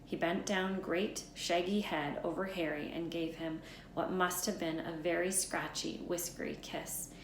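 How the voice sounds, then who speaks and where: A woman teacher reading a chapter book aloud, narrating in an unhurried storytelling way. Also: lowish voice, fairly even intonation. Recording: roomy echo, faint background noise.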